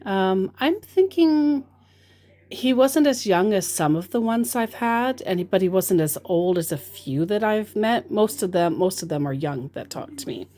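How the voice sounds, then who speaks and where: Slow, wry woman telling a story. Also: mid-range voice, lively intonation, dark tone. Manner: wry, joking, hesitant with fillers. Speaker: scam baiter telling her chats. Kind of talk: casual storytelling vlog.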